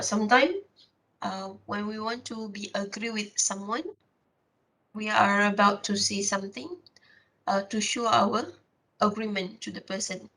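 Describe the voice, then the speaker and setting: A woman giving a classroom lecture, explaining step by step with many filler pauses and restarts. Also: mid-range voice, fairly bright tone, poor audio.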